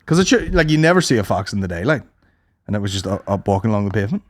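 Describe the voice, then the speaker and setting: A man's voice: fairly low pitch, big pitch swings, very fast, dry recording. A man co-hosting a podcast, joking and swearing in casual banter. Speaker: podcast co-host.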